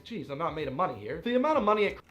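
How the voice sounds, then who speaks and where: A young man telling stories in a casual commentary video, animated and playfully exasperated. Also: fairly high pitch, very fast, soft background music. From United States. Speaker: vlogger.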